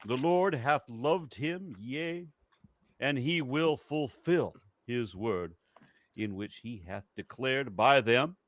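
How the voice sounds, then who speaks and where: A man putting on the voice of a Southern preacher reading scripture aloud, slow and solemn, sinking low and soft at phrase ends. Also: animated, no echo.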